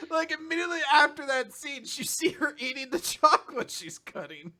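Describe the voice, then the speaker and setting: A man's voice: very high-pitched, big pitch swings, normal speed, few pauses, bright, forceful tone. A man co-hosting a casual recap chat, animatedly retelling scenes and acting out characters' lines, swearing casually. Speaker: podcast co-host.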